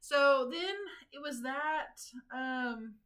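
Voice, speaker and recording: A woman's voice: high voice, drawn-out words, fairly bright tone. A woman co-hosting a podcast in casual chat, adding dry, teasing asides. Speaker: podcast co-host.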